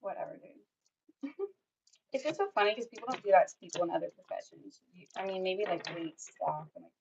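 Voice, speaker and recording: A woman's voice: mid-range voice, animated, fairly quick, dull audio, a little hiss or hum. A young woman doing a tarot reading for her viewers, speaking bluntly and swearing freely with lots of "like" fillers. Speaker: tarot reader.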